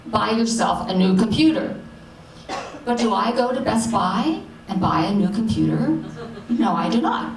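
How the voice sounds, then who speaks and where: A middle-aged woman telling a personal story at a live show, animated and self-mocking, acting out the people in it. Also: medium pitch, background noise. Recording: roomy hall sound, distant mic, faint ambience.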